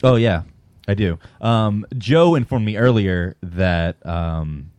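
A man co-hosting a podcast, making crude deadpan jokes. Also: on the low side, slow, smooth, dry recording. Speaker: podcast co-host. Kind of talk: casual chat.

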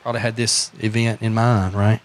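A man's voice: on the low side, level tone, fairly quick. Southern pastor preaching to his flock. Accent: Southern American. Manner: asks the congregation questions, repeats phrases. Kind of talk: sermon.

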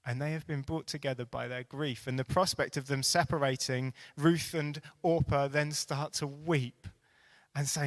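A man preaching a sermon, retelling a story earnestly and building to animated emphasis. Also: fairly high pitch, moderate pace.

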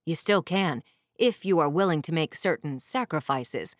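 In an audiobook, a woman with a low, expressive voice plays a haughty young adult prince, speaking at a moderate pace. The prince is curt, commanding, and mocking, his lines sarcastic and snappish, in clean studio sound with no echo.

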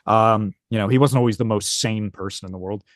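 A man's voice: lowish voice, a little fast, no echo, studio quality. A man hosting a casual podcast, quizzing his guests with playful hypotheticals. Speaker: podcast host.

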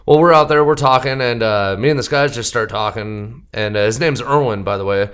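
Young man, casual storyteller, animated and profane, mid-pitched voice. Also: a little fast, clear, resonant tone. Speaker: podcast guest, band member.

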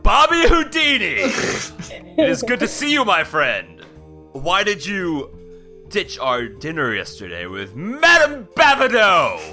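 A man's voice: huge pitch swings, a little slow, over music, heavily acted. A man playing a theatrical stage wizard who makes grand, spooky proclamations. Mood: grandiose. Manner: booming, showy proclamations.

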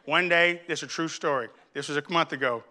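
A pastor giving a comic sermon, a man telling stories in an animated, playful way with sudden loud outbursts. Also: on the high side, a little fast.

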